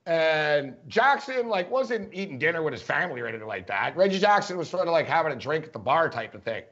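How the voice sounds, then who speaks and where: A man's voice: on the high side, big pitch swings, fast talker, a bit bright, muffled recording. A man co-hosting a sports podcast, telling rambling anecdotes full of "like" and "you know" in casual chat.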